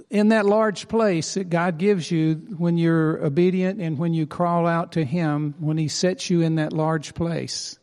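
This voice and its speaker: A pastor preaches a sermon in a slightly mellow, higher-pitched voice, his words ringing with a big-room sound. He is earnest and emphatic, repeating key phrases to give them weight.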